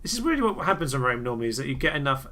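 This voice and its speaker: A man giving excitable, theatrical commentary on a strategy game he is playing, often laughing and cheering. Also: mid-range voice, rapid-fire. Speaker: let's play host. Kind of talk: gameplay commentary.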